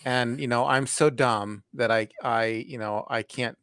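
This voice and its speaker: A man co-hosting a live stream, self-deprecating and quick to answer with short agreeing replies. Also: medium pitch, fairly even intonation, fairly bright tone, smooth, no echo, studio quality. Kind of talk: casual live-stream chat.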